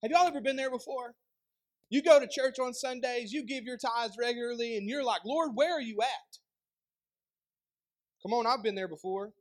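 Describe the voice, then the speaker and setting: A man's voice: very high voice, fairly quick. A young adult man with an East Tennessee accent preaching a sermon, in a casual style full of rhetorical questions and joking asides. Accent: Southern US, East Tennessee. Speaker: pastor.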